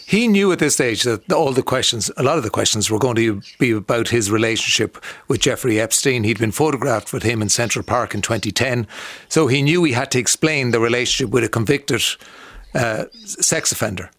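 A man's voice: mid-range voice, a little fast, a bit bright, no echo. A man hosting a radio interview, asking questions in a conversational way with fillers. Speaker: radio host.

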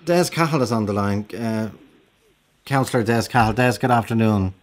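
A man's voice: on the low side, normal speed. A man hosting an Irish radio phone-in, chatty and conversational, with a lot of hesitant restarts. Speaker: radio show host.

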